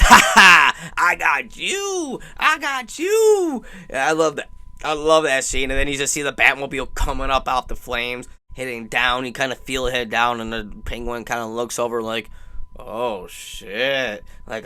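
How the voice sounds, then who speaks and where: A man's voice: mid-range voice, bright, forceful tone, clean tone, no room sound. A man hosting his own channel, rambling enthusiastically through a casual trailer breakdown with lots of restarts. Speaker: YouTube channel host.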